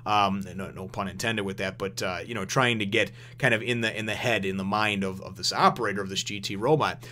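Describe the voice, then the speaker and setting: A man giving a casual manga review, rambling and animated, who swears freely and laughs often. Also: fairly low pitch, fairly quick.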